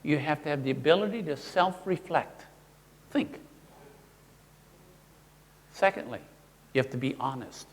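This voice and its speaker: A man presenting a live workshop, playful and animated, quizzing the audience as he teaches. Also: on the high side, a little slow, long pauses, long reverb tail. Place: seminar room with an audience.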